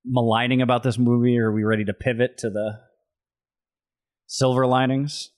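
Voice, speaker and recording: This man co-hosts a podcast in relaxed chat, pitched mid-range. He talks in a measured, dry way and fills his pauses with ums and short hesitations. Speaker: podcast co-host. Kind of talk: casual chat.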